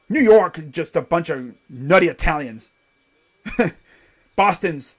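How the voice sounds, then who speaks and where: A man streaming casual play-by-play commentary on a basketball game, jumping between quick excited calls and rambling, jokey asides. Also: fairly high pitch. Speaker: live reaction play-by-play streamer.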